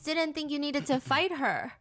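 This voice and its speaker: Woman with a slightly high voice narrating true crime, swears a lot, reads out texts. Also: normal speed, a bit bright. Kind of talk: reading true crime narration with text quotes.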